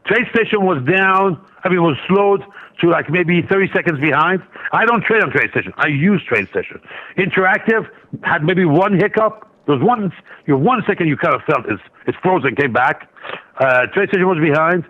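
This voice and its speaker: A man's voice comes through a dull, lo-fi line, set a little high and swinging widely as he talks. He rambles through a trading story, restarting sentences and adding asides. It sounds like an unscripted guest spot on a radio show. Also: animated, a little fast. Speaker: guest market analyst and trader. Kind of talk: casual radio interview storytelling.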